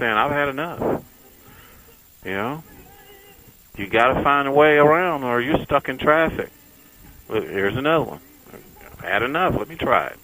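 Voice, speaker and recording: A man's voice: medium pitch, fairly bright tone, slight background noise, poor audio. A man, a motorcycle vlogger talking casually to viewers while riding his bike on the freeway, folksy and chatty. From Texas. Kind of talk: casual riding vlog chat.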